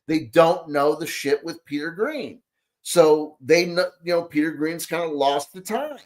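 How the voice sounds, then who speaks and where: Guy ranting at a video, sarcastic, fed up, kinda higher voice, lots of like and you know. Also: a little slow, a little mellow. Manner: exasperated, sarcastic, talks back at the clip; rambling with many fillers. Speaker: commentary host reacting to a clip. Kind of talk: ranting reaction commentary.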